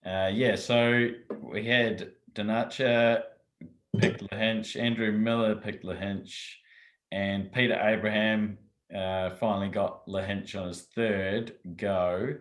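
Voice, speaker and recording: A man with a fairly low voice speaks slowly on a golf podcast. He is hesitant and checks himself as he answers. His voice echoes around the room he is recording in. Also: fairly even intonation. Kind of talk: casual podcast chat.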